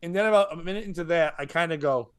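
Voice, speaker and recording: A man's voice: on the high side, fast talker, smooth. A stand-up comedian co-hosting a podcast, telling a rambling story full of fillers and chuckling at his own tale.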